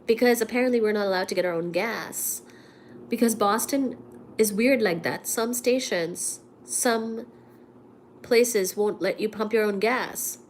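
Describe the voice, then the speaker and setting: Coughing from a cold, a woman vlogger chats unhurriedly to a live audience, her mid-range voice animated and indignant as she retells a story and plays out the quotes. There's a little hiss or hum on the audio.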